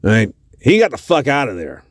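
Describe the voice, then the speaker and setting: Profane, animated male storyteller. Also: medium pitch, moderate pace, dry recording, clean studio sound. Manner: profane, animated, lots of cursing. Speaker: podcast host. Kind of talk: casual storytelling.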